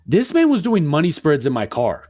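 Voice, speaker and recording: A man in his twenties on a podcast, telling a story in an animated, profane rant and acting out what people said. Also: on the high side, moderate pace, background noise. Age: 20s. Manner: animated, profane ranting with acted-out quotes. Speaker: podcast co-host. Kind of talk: casual storytelling chat.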